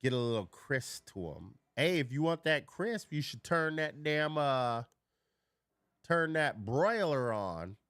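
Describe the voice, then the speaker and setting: A man's voice: on the high side, lively intonation, slow pace, fairly bright tone, clear, resonant tone, dry recording, clean studio sound. A man chatting casually on a live stream, rambling through stories, swearing freely and answering his chat.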